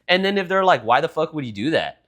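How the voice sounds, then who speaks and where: A man's voice: on the high side, fast talker. A young man co-hosting a podcast, telling stories in casual chat with lots of swearing and acting out other people's lines. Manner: animated storytelling with lots of swearing; acts out his dad's lines in quoted voices. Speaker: podcast co-host.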